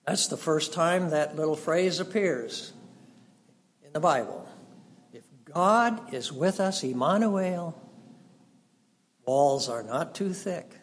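A man preaching a sermon and telling stories, acting out the voices of people in them and swinging from hushed to loud. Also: a little high, lively intonation, takes it slowly, long pauses, long reverb tail. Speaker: pastor. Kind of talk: sermon with storytelling. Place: church sanctuary.

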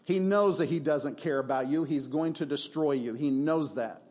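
Emphatic conversational preacher, slightly high voice. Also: male voice, normal speed, a little mellow. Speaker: pastor. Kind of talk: sermon. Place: church.

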